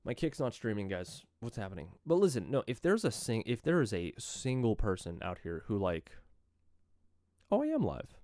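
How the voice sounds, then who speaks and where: Animated, profane male streamer. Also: fairly low pitch, normal speed, no echo, studio quality. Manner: profane, mocking rants between read news items. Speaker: live streamer. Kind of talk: live-stream political commentary.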